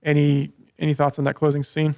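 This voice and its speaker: A man's voice: on the high side, completely flat delivery, fairly quick, gravelly, a little mellow, no room sound, clean studio sound. A man co-hosting a podcast, recapping scenes in a casual chat and quoting lines with playful voices. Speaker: podcast co-host.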